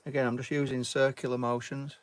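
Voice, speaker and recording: A man's voice: medium pitch, little pitch movement, brisk. A British man chatting casually while giving a drawing tutorial and thanking viewers. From Britain. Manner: chatty, reads out viewer names and thanks them, "mate". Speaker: artist live-streaming.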